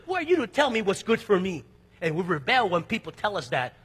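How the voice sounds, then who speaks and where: A middle-aged male pastor preaching a sermon, swinging between quiet, low passages and loud, emphatic outbursts, and slowing down to read scripture aloud. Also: very animated, breathy edge, long reverb tail.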